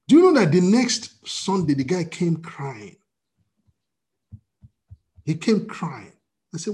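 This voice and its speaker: A man preaching a sermon as pastor, telling a personal story with acted-out dialogue and swings from loud to quiet. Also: high-pitched, very animated, unhurried, long pauses, slightly rough. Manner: storytelling with quoted dialogue, wide swings in loudness. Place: church service via video call.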